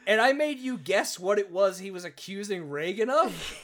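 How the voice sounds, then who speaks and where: A man hosting a casual podcast chat, animated and quick to laugh, with some swearing. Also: high voice. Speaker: podcast host.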